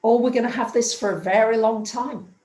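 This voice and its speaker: A woman's voice: a little high, fairly quick, a little mellow. Chatty woman in an echoey room. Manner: chatty storytelling, acts out dialogue. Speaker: astrologer. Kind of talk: casual spoken astrology talk.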